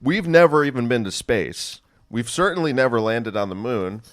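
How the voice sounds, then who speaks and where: A man from New Jersey, a comedian guest, bantering in deadpan, mock-serious podcast talk. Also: mid-range voice, normal speed.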